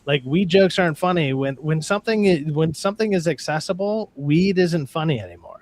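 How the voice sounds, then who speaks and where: A man's voice: a little high, a little fast, darkish tone. A man co-hosting a livestream discussion, ranting in a frank, profane, long-winded way. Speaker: podcast co-host. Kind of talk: casual livestream chat.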